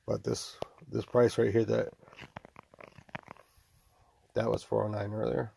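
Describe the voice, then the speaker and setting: Slight background noise sits behind a man in his forties who mutters through a solo recording, dragging out exclamations and playing imagined tormentors. He speaks in a lowish, level voice that is creaky and dark in tone.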